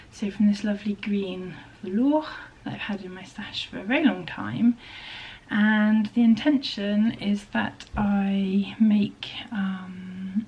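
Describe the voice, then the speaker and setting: A woman talks through her morning at her home sewing desk, her voice soft and frequently dropping to a near whisper. She hesitates often with ums, and her pitch sits at an ordinary middle height. A faint hiss of room ambience sits under her voice. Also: muffled recording. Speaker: vlogger and maker of teddy bears. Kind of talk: casual vlog chat.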